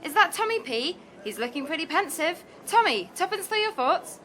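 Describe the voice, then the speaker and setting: A woman from England presenting scripted sketch comedy in a dry, deadpan way. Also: extremely high pitch, normal speed. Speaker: radio presenter.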